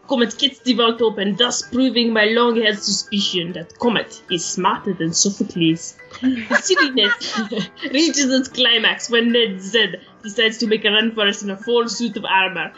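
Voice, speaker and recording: A woman's voice: a little high, a bit bright, muffled recording. A woman co-hosting a podcast, reading a listener's review aloud and laughing at herself. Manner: laughs often, self-deprecating. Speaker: podcast co-host.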